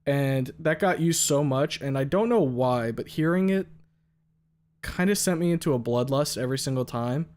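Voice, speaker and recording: A man's voice: mid-range voice, normal speed, a little mellow. A young man hosting a stream, chatting loosely and cursing often, with a lot of fillers. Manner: loose and profane, many fillers. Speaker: streamer host. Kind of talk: casual stream chat.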